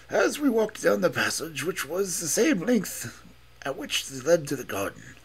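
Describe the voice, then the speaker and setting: A husky-voiced man reads a classic detective story with dramatic emphasis. His pitch swings widely from phrase to phrase. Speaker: audiobook reader. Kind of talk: expressive story narration.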